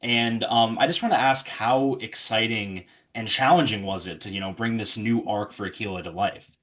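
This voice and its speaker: A man's voice: on the low side, steady tone, normal speed, fairly bright tone. A man interviewing a guest in an easygoing way, asking questions with plenty of fillers. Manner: easygoing, laughs along, hedges with fillers.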